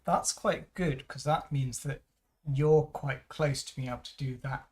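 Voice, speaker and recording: A man's voice: medium pitch, steady tone, unhurried, darkish tone. A man playing a board game, chatting casually and offering tactical suggestions. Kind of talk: casual strategy chat at a game table.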